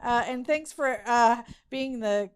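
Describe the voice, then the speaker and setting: A woman's voice: a little high, takes it slowly, smooth. A woman in her forties giving a chatty, self-deprecating conference talk about her career. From Southern US. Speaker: conference speaker.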